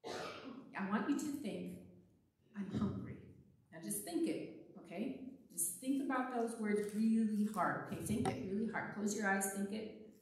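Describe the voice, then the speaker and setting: A woman's voice: mid-range voice, a little slow, a little hiss or hum. A woman leading a children's sermon, talking playfully and coaxing the children with lots of questions. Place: church sanctuary. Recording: echoey church from far off.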